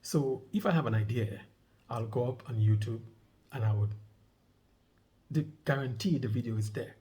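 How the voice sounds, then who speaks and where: A man's voice: medium pitch, normal speed, warm tone. A middle-aged man vlogging, reading a news article aloud and breaking off to comment, repeating key points with emphasis. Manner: emphatic, repeats key points, asks listeners to underline words.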